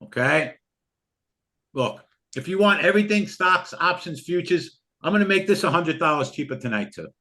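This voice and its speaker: A man's voice: fairly high pitch, animated, normal speed, bright, forceful tone. A man selling a trading course on a live stream, earnest and openly emotional, often repeating himself. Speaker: trading educator. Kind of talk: live sales pitch for a course.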